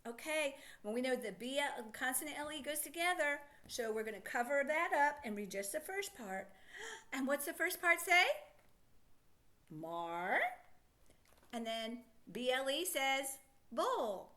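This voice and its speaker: A woman teaching a phonics lesson to children, sounding out words slowly and asking lots of encouraging questions. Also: sits high, expressive, pushed and bright. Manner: encouraging, asks many questions.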